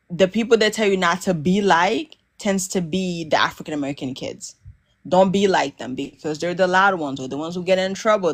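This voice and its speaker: A woman on a live podcast panel, speaking thoughtfully and hesitantly, with frequent fillers and restarts. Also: on the low side.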